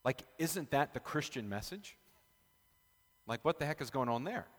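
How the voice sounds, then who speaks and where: This is a man leading a relaxed Bible study, a pastor who chats and jokes with the group as he teaches. His voice sits at a middle pitch, and a long reverb from the big room trails each phrase. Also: normal speed. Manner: chatty, joking, talks with the group. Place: church room with a live group.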